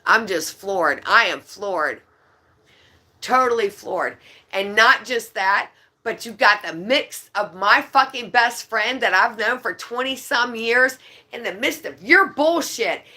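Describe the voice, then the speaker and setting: A woman's voice: on the high side, lively intonation, takes it slowly, bright, forceful tone. A woman venting in heated, profane rants while chatting at home.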